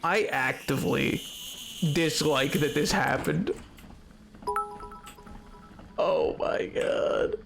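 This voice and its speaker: A young man with a cold, streaming a game live and talking with his chat in an animated, exasperated, joking way. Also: fairly high pitch, very slow, creaky, pauses often, over music. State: has a cold. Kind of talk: live gameplay commentary.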